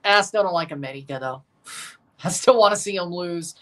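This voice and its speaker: A man's voice: high voice, moderate pace, pushed and bright. A man streaming casual, opinionated commentary as he watches a football match and talks to his viewers.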